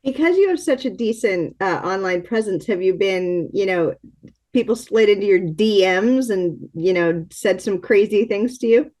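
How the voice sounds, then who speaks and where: A woman hosting a casual interview, asking her questions in a hesitant, halting way. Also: medium pitch, animated, a little mellow. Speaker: podcast host.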